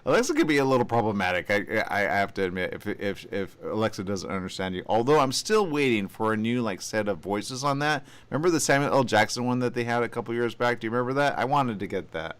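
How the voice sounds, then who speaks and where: A man's voice: fairly low pitch, expressive, fast talker, few pauses, a bit bright, clean tone. A man hosting a radio morning show, chatting casually, laughing often and reading listener posts aloud.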